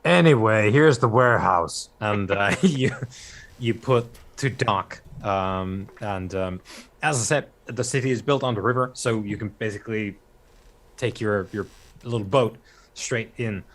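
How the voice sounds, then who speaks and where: Low-voiced man running a tabletop game. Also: a bit bright. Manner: halting, many fillers and restarts. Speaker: game master.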